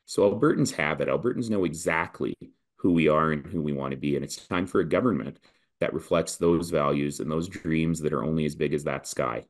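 A man from Canada, a political leadership candidate, talking in a podcast interview with an animated, persuasive campaign delivery and rhythmic repetition. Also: rumbling low, fairly quick.

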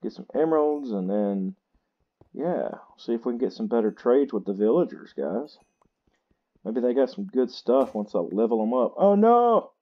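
A tired man, chatting slowly and poking fun at himself while he plays a game. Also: medium pitch, slightly rough, dull audio. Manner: slow, chatty and self-mocking. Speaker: gaming channel host. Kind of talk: casual gameplay commentary.

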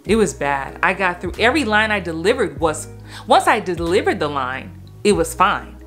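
A woman in her thirties tells a personal story from an acting job, candid and emotional, doubling back on herself as she goes. Her voice sits a little low, and faint music plays softly behind her. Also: very animated. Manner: candid, emotional, quick asides and restarts. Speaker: actor and acting coach.

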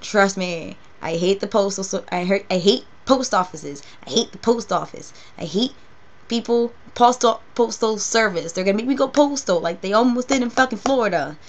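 A woman's voice: medium pitch, animated, moderate pace. A young woman with a New York accent, telling a story in a casual vlog, rambling and cursing freely. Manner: rambling, profane, laid-back. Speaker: vlogger and cosplay performer.

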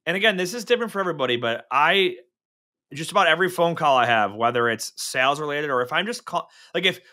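A man's voice: on the high side, lively intonation, fast, sharp tone. A man co-hosting a podcast in casual chat, chatty and full of joking asides. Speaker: podcast co-host.

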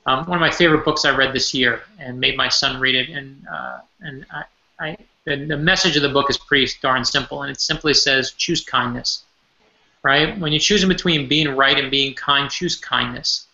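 A man's voice: mid-range voice, a little fast, sharp tone. A man, an author appearing as a guest from his home office over a remote call, telling personal stories earnestly, with stumbling restarts. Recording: echoey lo-fi remote audio.

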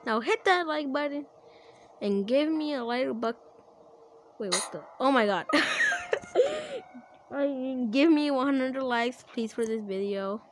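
A woman giving casual, excitable commentary while playing an online game, laughing and shouting as things happen. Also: sits high, noisy background. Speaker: gaming channel creator.

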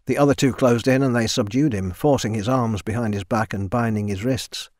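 A man narrating a fantasy audiobook at a steady, measured pace. His voice sits in an average range and sounds close and dry, with no room behind it. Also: medium pitch, dry recording. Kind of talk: scripted narration.

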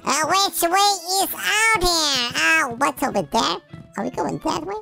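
A goofy, excitable gameplay commentator talking over a game, jumping between shouts and mutters. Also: sits high, unhurried, vocal fry. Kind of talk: let's-play commentary. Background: game music.

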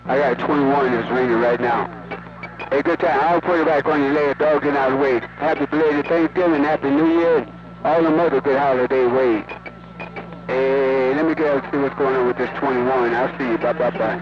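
With music underneath, a man speaks in a steady, mid-range tone at a slightly fast clip. He's a chatty radio operator making casual, folksy, repetitive on-air talk to others, heard through dull lo-fi radio with loud static.

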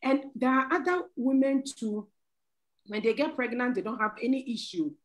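A woman's voice: sits high, normal speed, rough recording. A middle-aged woman, sharing a testimony on a church talk show and earnestly pleading with listeners, often breaking into laughter. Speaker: panel guest.

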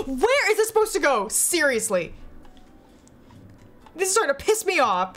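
High, lively giggly streamer woman. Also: slow. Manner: chatty, giggly, talks to chat while playing. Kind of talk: casual live-stream gameplay chat. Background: game music.

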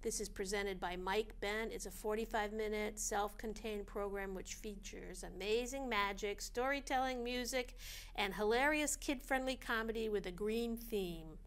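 A woman co-hosting a local events show, reading listings in a brisk, chatty way with friendly asides. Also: medium pitch. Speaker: chamber of commerce co-host reading event listings. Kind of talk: casual local events chat.

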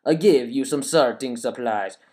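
A scheming evil villain gloats over his captive in a mock French accent, as a man puts him on. The voice is loud and theatrical, pitched in a middle register, with a cackling, showy menace. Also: normal speed, close to an everyday voice. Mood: gloating. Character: gloating evil male villain writing notes. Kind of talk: reading a note aloud in a put-on voice.

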